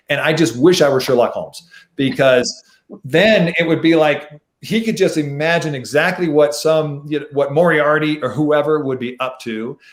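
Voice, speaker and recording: A man, a mystery author, chatting on a video call in a rambling way, often restarting his phrases. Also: on the high side. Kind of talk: casual conversation. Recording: roomy echo.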